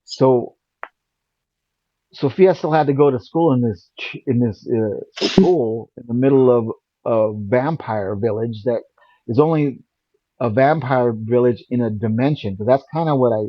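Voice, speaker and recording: A man telling a personal story in casual conversation as a guest, rambling and animated. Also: medium pitch, measured pace, dry recording. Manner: rambling, animated, acts out quoted voices. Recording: dull, lo-fi and dry.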